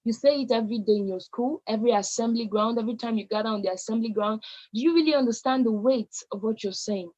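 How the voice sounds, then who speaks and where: A young Nigerian woman in her late teens delivers a motivational speech with emphatic, repeated exhortations. Her voice sits high. The recording is muffled and lo-fi. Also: quick pace, a little mellow. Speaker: youth speaker.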